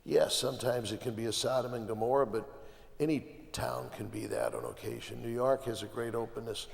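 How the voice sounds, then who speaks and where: Gravelly-voiced archbishop in an echoing hall. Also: male voice, medium pitch, steady tone, brisk. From American Midwest. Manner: emphatic, piles up repeated phrases, restarts often. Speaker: archbishop, interview guest. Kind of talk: conversational panel talk. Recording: long hall reverb.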